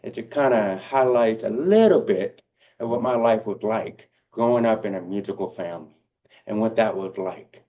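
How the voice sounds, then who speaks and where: A man's voice: on the low side, moderate pace, mellow, dull audio. A man with a deaf accent giving a heartfelt, encouraging keynote speech, speaking directly to his audience.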